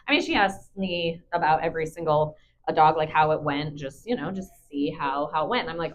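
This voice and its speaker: A young woman dog trainer talks in a chatty, bubbly vlog style, full of fillers and restarts. Her voice sits a little low for a woman. She is recorded on a clip-on mic. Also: moderate pace. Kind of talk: casual vlog chat.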